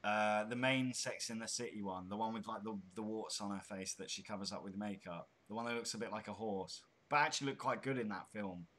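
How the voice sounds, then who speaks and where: A man's voice: fairly low pitch, a little fast, few pauses, a bit bright. A man from the UK hosting a casual chat, rambling through tangents with chuckling asides. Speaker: host. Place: home in Spain.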